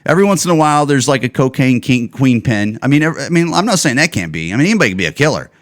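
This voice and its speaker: A man in mid-range voice talks through a solo podcast, going off in a loose, sarcastic rant full of cursing. When something gets to him, his voice jumps up high and loud. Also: very animated, quick pace. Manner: profane, ranting, sarcastic; swings to loud, high-pitched outbursts when worked up. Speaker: podcast host.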